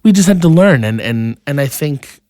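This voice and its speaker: A man's voice: fairly high pitch, expressive, normal speed, warm tone, no room sound, studio quality. Earnest young man retelling a story. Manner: earnest, storytelling, frequent restarts. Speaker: podcast guest. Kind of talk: casual conversation.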